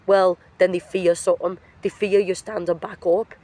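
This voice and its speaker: A woman's voice: on the low side, flat delivery, normal speed, warm tone. A woman giving a casual, emphatic tarot reading outdoors in nature, speaking bluntly with slang while her voice is affected by being sick. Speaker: tarot reader.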